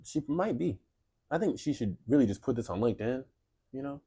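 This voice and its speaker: A man's voice: medium pitch, lively intonation, brisk, warm tone, husky. A man co-hosting a casual comedy podcast, sarcastically reading and mocking dating profiles. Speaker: podcast co-host.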